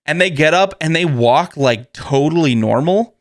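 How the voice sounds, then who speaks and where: A man's voice: fairly high pitch, moderate pace, dry recording, studio quality. A man hosting his own podcast, talking casually and rambling with lots of fillers, often laughing and acting out voices. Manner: animated storytelling with mimicked voices. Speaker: podcast host. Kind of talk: casual solo podcast chat.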